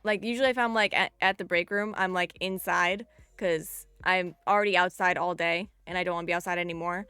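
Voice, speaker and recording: Bright, chatty young woman streamer. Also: fairly low pitch, fairly quick, clear, resonant tone, no echo. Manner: animated, chatty, full of "like". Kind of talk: casual storytelling to a live stream.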